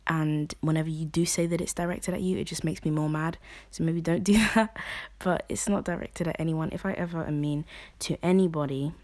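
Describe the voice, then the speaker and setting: A woman's voice: sits low, darkish tone, no echo. A young woman, talking frankly on her podcast in a rambling way, full of "like" and restarts. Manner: rambling, lots of filler "like", frank and personal. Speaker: podcast host. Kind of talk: casual confessional podcast chat.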